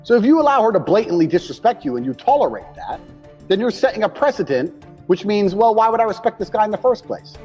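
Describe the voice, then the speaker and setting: A man's voice: sits high, sing-song, quick pace, darkish tone, highs cut off, soft background music. A man talking bluntly and crudely, hammering his points by repeating them. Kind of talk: casual talk.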